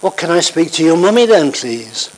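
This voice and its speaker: A man's voice: a little high, very animated, normal speed, low-quality recording. A man voicing a businessman boss who keeps asking polite, puzzled questions over the phone. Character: worried adult male businessman boss on the phone.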